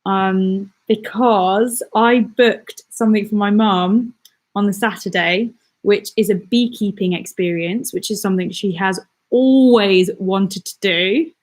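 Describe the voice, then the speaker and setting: A woman from the Midlands hosting a casual live-stream chat, rambling warmly through her week and answering viewer comments with lots of fillers. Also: mid-range voice. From England, the Midlands. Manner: chatty and rambling, lots of fillers, quick laughs. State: out of breath. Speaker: channel host.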